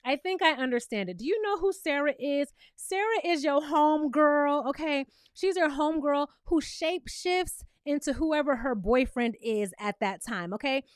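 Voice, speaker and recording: A woman's voice: sits high, animated, normal speed, hardly any pauses, no room sound, studio quality. A woman giving sassy, emphatic commentary as she reviews a reality TV show. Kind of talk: casual commentary vlog.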